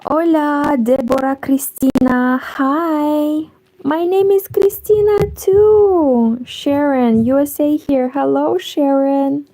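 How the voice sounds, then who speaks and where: A woman's voice: high voice, takes it slowly, dark tone, rough recording. A woman from Moldova, chatting casually on a crochet livestream and greeting viewers as she works.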